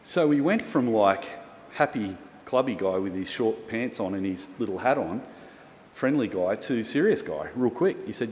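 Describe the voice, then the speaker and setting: In a reverberant hall with faint room noise, an Australian pastor tells a personal story as a sermon, unhurried and sing-song in a fairly low, darkish voice. His manner is casual and chatty, with self-mocking humour.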